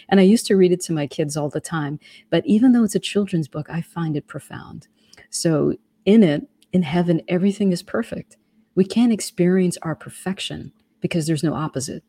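A woman guest on a talk show, calmly explaining her ideas. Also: fairly low pitch, breathy edge, no room sound. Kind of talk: casual spiritual conversation.

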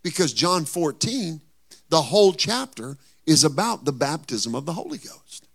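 High, gravelly-voiced male pastor preaching. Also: sing-song, normal speed. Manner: conversational preaching that swells to loud emphatic peaks; asks the congregation rhetorical questions. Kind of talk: sermon.

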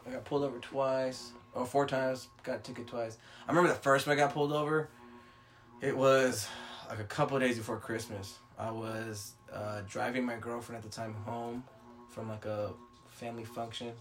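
A young man, telling a story in casual chat, animated and swearing a lot. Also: mid-range voice, moderate pace, soft background music.

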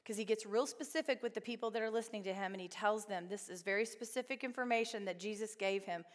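A woman's voice: mid-range voice, quick pace. A woman teaching a Bible study class in a chatty way, often asking the group questions. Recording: long reverb of a hall.

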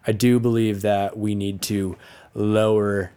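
Excitable, foul-mouthed podcast co-host. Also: male voice, lowish voice, smooth. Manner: excitable, profane, quick to laugh. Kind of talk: casual podcast chat.

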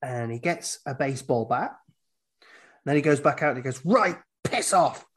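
A man's voice: mid-range voice, steady tone, moderate pace. A man, hosting a casual podcast and retelling film scenes. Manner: retells scenes, acting out the characters' lines. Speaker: podcast host. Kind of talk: casual film recap chat.

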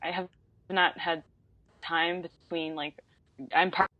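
A woman in her twenties, a podcast guest talking casually, chatty and quick to laugh, with lots of fillers. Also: fairly low pitch, flat delivery, muffled recording. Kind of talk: casual conversation.

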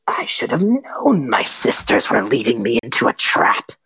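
A woman voicing a blind, scheming old hag witch, speaking slowly in a hissing half-whisper. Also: extremely low pitch, huge pitch swings, a bit bright, husky, voice pushed down, exaggerated voice, poor audio. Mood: bitter whisper.

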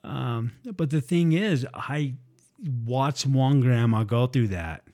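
A man's voice: mid-range voice, slow, warm tone. A man talking casually and candidly, telling a personal story with some swearing. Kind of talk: casual podcast chat.

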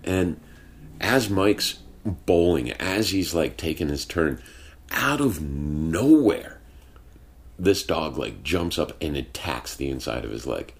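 A man's voice: extremely low pitch, lively intonation, slow pace, creaky. A young man chatting casually, telling rambling, profane stories in a laid-back way. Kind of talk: casual chat. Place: home studio with sound blankets.

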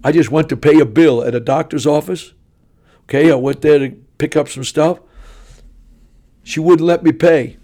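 A man in his seventies, a traveling preacher telling stories in a sarcastic, animated way that often climbs into shouting. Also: on the high side, normal speed, long pauses. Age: 70s.

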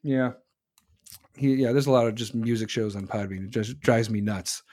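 A man's voice: medium pitch, moderate pace, a little mellow. A man hosting his own podcast, venting in an angry, profane, combative rant and answering live listeners as he goes. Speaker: podcast host. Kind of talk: solo political rant podcast.

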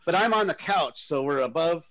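A man's voice: fairly high pitch, animated, fairly quick, a crowd in the background. A middle-aged man, a podcast co-host, telling a rambling story in casual chat. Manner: rambling, self-interrupting storyteller.

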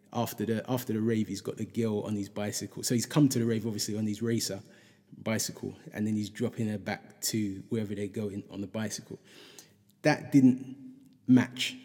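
A man's voice: on the low side, warm tone, big-room sound. A middle-aged man, chatting casually and reflectively, rambling with lots of fillers and restarts. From England.

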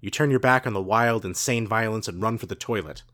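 A man co-hosting a show, reading a story aloud dramatically and playfully with loud sound effects. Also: fairly low pitch, fairly quick. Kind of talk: comic book reading.

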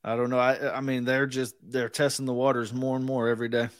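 A man's voice: medium pitch, little pitch movement, quick pace, smooth, no room sound. Man, podcast co-host, joking and indignant, dry close sound. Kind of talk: casual chat.

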